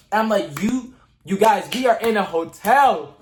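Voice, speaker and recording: A man's voice: sits high, normal speed, soft background music. A young man vlogging a casual storytime to camera, retelling events dramatically with slang and asides to his viewers. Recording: echoey room.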